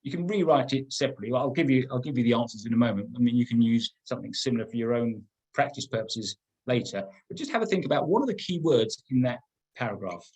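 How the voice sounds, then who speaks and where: A man's voice: medium pitch, animated, quick pace, a little mellow, breathy edge, poor audio. A middle-aged man teaching a business-writing webinar, emphatic and often repeating words as he restarts. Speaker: business trainer.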